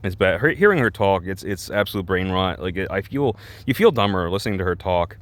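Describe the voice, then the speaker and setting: A man's voice: low voice, animated, a little fast. A man ranting in reaction commentary, rambling and exasperated, with many restarts and fillers. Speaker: vlogger.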